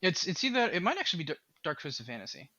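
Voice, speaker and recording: A man who is a game developer, talking as a podcast guest in an animated, rambling way. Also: a little high, fast, no echo, dull audio. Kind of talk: casual podcast chat.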